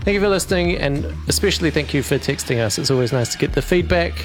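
A man's voice: on the high side, lively intonation, fast, faint music behind. A man with a New Zealand accent hosting a radio show from the studio, joking and teasing his co-hosts in casual banter. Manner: playful, teasing, jokey. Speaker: radio host.

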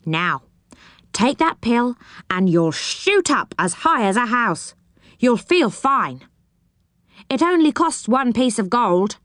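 A woman voicing a grumpy, boastful male goblin who sells spells, gruff and quick to rage. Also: on the high side, big pitch swings, a bit bright, no room sound, clean studio sound, voice pushed up, full character voice. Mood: wheedling.

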